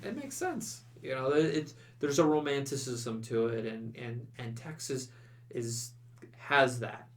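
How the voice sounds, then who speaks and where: Guy cohosting a chatty podcast, middle pitch, rambles a lot with you knows. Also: animated, measured pace. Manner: rambling, many restarts and "you know". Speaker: podcast co-host. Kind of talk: casual chat.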